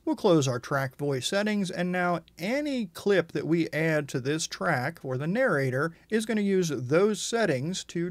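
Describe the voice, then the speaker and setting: Casual man walking through software. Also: a little high, no echo. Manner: casual, conversational explaining. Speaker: tutorial host. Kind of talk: software tutorial walkthrough.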